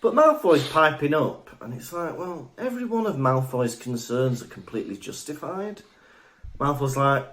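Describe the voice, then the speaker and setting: A man co-hosting a casual podcast, joking and laughing often. His voice is mid-pitched and moves a lot. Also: animated, normal speed, fairly bright tone. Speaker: podcast co-host. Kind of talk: casual chat.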